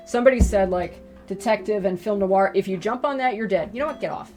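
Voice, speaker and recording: A woman's voice: medium pitch, animated, fast talker, few pauses, faint music behind. A woman casually chatting through reader questions about her comic, rambling with lots of fillers and asides. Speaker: webcomic creator answering reader questions. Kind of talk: casual Q and A chat.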